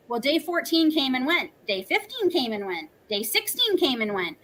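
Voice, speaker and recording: A woman's voice: high-pitched, big pitch swings, normal speed, few pauses, a bit bright, rough recording. A woman in her forties, a livestream guest, telling a personal story in an earnest, emotional, talkative way.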